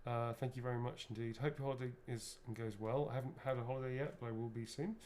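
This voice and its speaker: A man in mid pitch talks loosely and rambles while he signs items, dropping casual swears. His speech is informal and unscripted, with a faint hiss of room noise underneath. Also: steady tone, fast talker, a little mellow. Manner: rambling, chatty, swears freely. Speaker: actor signing autographs. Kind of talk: casual livestream chat.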